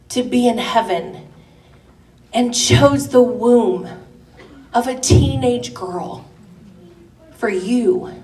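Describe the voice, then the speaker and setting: With a fairly high, slightly mellow voice, a middle-aged woman gives a passionate sermon at a women's event in a church hall, rising to emphatic declarations. The echoey room and distant mic come with a little hiss or hum.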